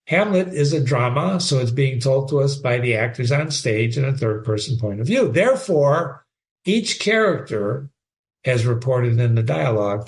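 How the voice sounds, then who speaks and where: A man giving an informal literature lecture as a teacher, emphatic and chatty, repeating phrases for stress. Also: mid-range voice.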